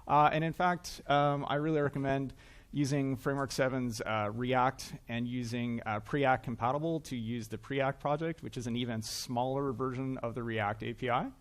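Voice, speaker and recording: On a conference hall stage before a live audience, a Canadian man gives a joking tech talk, chatty and self-deprecating, dropping frequent uhs. His medium-pitched voice moves at normal speed with fairly even intonation.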